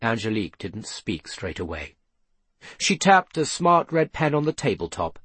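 A man narrating a children's novel aloud with expressive storytelling. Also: medium pitch, moderate pace, slightly rough, no echo. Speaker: audiobook narrator. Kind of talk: scripted narration.

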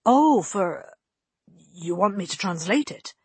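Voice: mid-range voice, expressive, slow, breathy edge, no room sound, exaggerated voice. A narrator voicing an exasperated captive male translator who makes indignant demands.

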